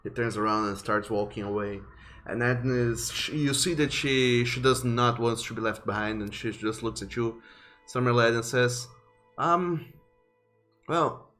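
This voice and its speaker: A man narrating a tabletop game as game master, unhurried and often restarting his phrases. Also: mid-range voice, steady tone, fairly bright tone, soft background music.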